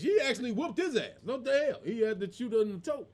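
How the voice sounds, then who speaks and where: A man's voice: high voice, quick pace, few pauses. A man in his forties, a comedian hosting his own show in a casual, slangy monologue. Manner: animated, slangy, tosses in "man".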